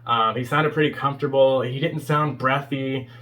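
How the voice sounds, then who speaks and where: A man's voice: mid-range voice, fairly even intonation, moderate pace, a bit bright. A man in his twenties giving a casual, rambling spoken review as a fan video host, with many fillers and small chuckles. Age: 20s.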